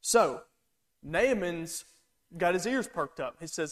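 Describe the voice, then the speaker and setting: High-voiced man preaching a sermon. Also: animated, a little slow. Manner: conversational, acts out quoted lines.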